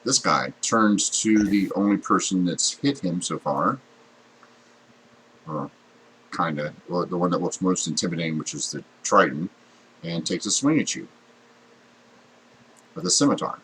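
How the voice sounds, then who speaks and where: A man's voice: sits low, very animated, a little slow, pauses often, a bit bright, slight background noise, poor audio. A man running a tabletop game as game master, narrating the action and explaining rules with plenty of fillers.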